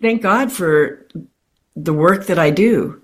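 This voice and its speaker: A woman guest on an interview, telling a personal story in an animated way, with frequent restarts and acted-out quotes. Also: fairly low pitch, takes it slowly.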